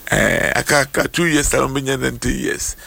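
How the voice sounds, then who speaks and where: A Ghanaian man hosting a lively talk show, switching languages, repeating phrases and breaking into song. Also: mid-range voice, normal speed, gravelly. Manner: animated, repeats phrases, slips into sung lines. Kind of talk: lively mixed-language talk with bursts of singing. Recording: loud music playing behind the voice.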